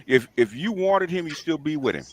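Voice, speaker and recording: Animated stammering man. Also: fairly quick. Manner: emphatic, stammering restarts, drops to low mutters. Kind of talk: casual podcast chat.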